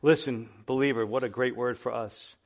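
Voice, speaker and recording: A man preaching a sermon as pastor, impassioned and swinging between hushed and loud passages. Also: medium pitch, fairly even intonation, normal speed, gravelly.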